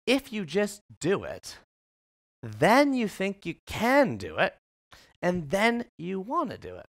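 A man giving a live keynote to an office audience, telling a story in an animated, conversational way with many filler "like"s. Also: sits high, slow, dry recording, clean studio sound. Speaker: keynote speaker. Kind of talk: motivational storytelling talk.

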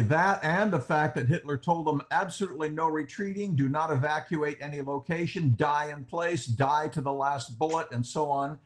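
A man speaking as a historian on a panel, explaining with animation. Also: a little high. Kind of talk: panel discussion.

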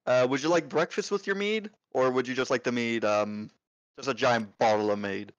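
A man's voice: medium pitch, normal speed, no room sound, dull audio, close to an everyday voice. A man voicing a blunt male tavern barman who banters cheekily with his customers. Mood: teasing. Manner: cheeky, slangy barkeep banter.

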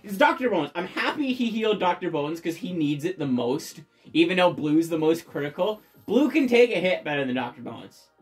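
Excitable, swearing let's play gamer. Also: mid-range voice, moderate pace. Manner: excitable, loud bursts of cheering, frequent swearing. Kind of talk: game commentary. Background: faint game music.

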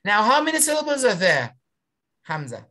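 Lively woman teacher on a video call. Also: mid-range voice, normal speed. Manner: encouraging, repeats praise, sounds out syllables. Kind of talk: online spelling lesson.

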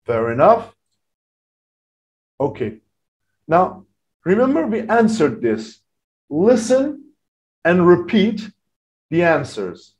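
A man teaches a beginner English class at an unhurried, deliberate pace. His pitch rises and falls a lot as he stresses key words for learners. The delivery is careful and drawn out. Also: sing-song, darkish tone.

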